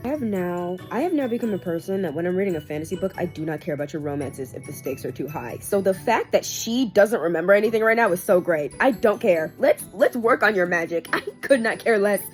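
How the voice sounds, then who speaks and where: A woman's voice: lowish voice, animated, fairly quick, hardly any pauses, soft background music. A woman in her twenties reacting to a book in a casual reading vlog, swearing, laughing and shrieking as she reads. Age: 20s. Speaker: book reviewer.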